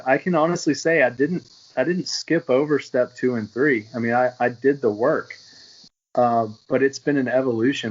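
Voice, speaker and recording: A man's voice: mid-range voice, muffled recording. Earnest man telling his story. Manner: earnest, halting, with frequent restarts and fillers. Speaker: podcast guest. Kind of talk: candid personal storytelling.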